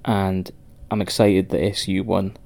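Low-pitched, creaky and a little mellow, this man's voice has a flat delivery at normal speed. He's a Scottish wrestling podcast co-host, rambling and swearing through a casual chat with a friend and laughing a lot.

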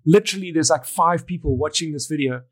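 Husky and on the high side, the voice of this middle-aged man races along as he shares stories in a podcast interview. A wedding photographer and educator, he animatedly acts out past conversations and often restarts.

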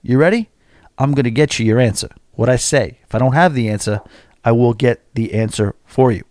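A man's voice: medium pitch, a little fast, darkish tone, no room sound. Chatty man hosting a podcast, dry sound. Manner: chatty and self-deprecating, with restarts. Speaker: podcast host. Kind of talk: casual podcast talk, reading listener emails.

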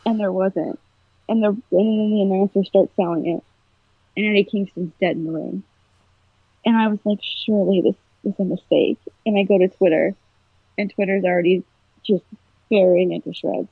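A woman's voice: medium pitch, steady tone, normal speed, pauses often, no echo. A woman chatting casually on a podcast, telling a story with emotion and animation. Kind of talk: casual chat. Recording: husky voice over a tinny phone-like line.

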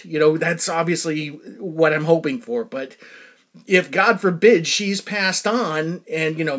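A man's voice: fairly high pitch, fairly bright tone. A middle-aged man hosting a show, telling a personal story in a casual, rambling way full of fillers and bursts of laughter. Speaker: show host.

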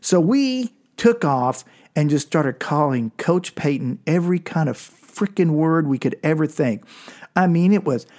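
Older man, 60s, slightly high voice, loose profane storyteller. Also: expressive, a little slow, a little mellow. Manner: rambling, frequent restarts and profanity, chuckling. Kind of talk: casual personal storytelling.

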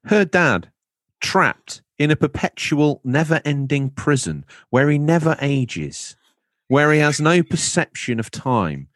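Wry man with a very lively pitch. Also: slow pace, no room sound, studio quality. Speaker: podcast co-host. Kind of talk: casual film chat.

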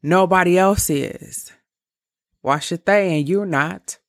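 A woman of about fifty talks through relationship advice in a slow, blunt, candid way and swears freely. Her voice is gravelly with a rough fry. The sound is dry and close. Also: lowish voice, no echo. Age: around 50. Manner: blunt, profane, candid with laughing asides. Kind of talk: casual advice monologue.

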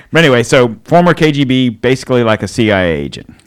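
A man's voice: medium pitch, lively intonation, quick pace, clean tone. A man co-hosting a podcast in casual chat, rambling and joking, laughing often. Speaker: podcast co-host.

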